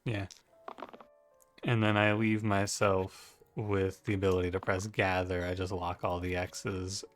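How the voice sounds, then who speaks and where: Low-pitched, flat, and unhurried, this man is a gaming YouTuber offering laid-back commentary on his gameplay. Just awake and sleepy, he rambles and thinks out loud as he plays, over faint background music.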